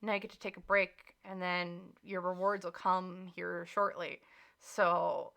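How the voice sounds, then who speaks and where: This tarot reader's voice sits on the low side, gravelly and sharp in tone, with a steady delivery at an unhurried pace. Her casual reading is chatty and emphatic, full of "like" and earnest, reassuring encouragement.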